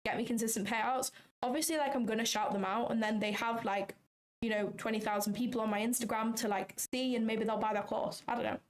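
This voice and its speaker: A woman's voice: fairly high pitch, steady tone, brisk. A woman chatting casually on a trading livestream, rambling and talkative with self-conscious asides.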